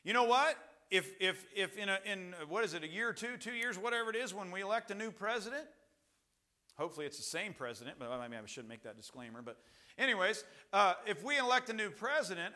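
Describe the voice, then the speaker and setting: A man preaching a sermon in an emphatic way, swinging between loud outbursts and hushed passages. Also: high-pitched, lively intonation, normal speed.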